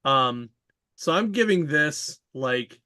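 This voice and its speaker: A man hosting a comics podcast in casual chat, retelling a story excitedly with lots of fillers and laughter. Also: on the high side, takes it slowly, no echo.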